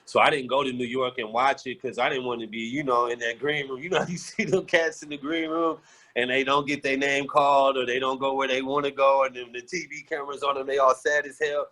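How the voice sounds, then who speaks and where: A man guest on a sports podcast, telling candid, profane stories in an animated, casual way. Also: mid-range voice, brisk, poor audio. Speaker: podcast guest, former pro basketball player. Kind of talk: casual storytelling.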